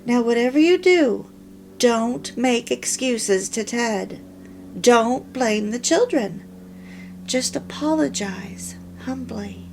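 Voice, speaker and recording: A woman's voice: a little high, expressive, takes it slowly, a little mellow, slight background noise. Woman reading as a firm, lecturing church friend. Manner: instructive, lecturing. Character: firm, advice-giving female church friend.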